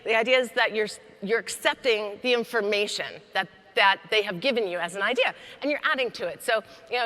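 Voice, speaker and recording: A woman comedian and coach giving a lively, joking keynote talk to a conference audience. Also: fairly high pitch, a little fast. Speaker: keynote speaker. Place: large conference hall. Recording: long hall reverb.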